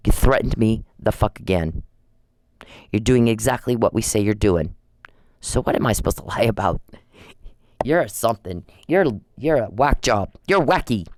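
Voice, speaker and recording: A man's voice: lowish voice, darkish tone, dry recording, poor audio. A man in an angry, confrontational rant at home, accusing and taunting someone with repeated challenges.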